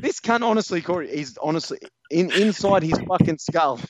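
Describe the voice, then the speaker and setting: A man's voice: a little high, lively intonation, normal speed, lo-fi sound, noisy background. An Australian man co-hosting a podcast, ranting profanely and mocking a listener in crude sports banter. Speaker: podcast co-host. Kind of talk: crude fantasy football banter.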